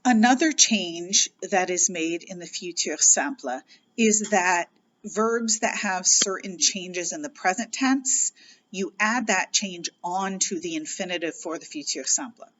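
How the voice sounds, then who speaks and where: Bright-voiced woman teaching a grammar lesson. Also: on the low side, unhurried, highs cut off. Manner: patient, explanatory, spells out letters. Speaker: French teacher.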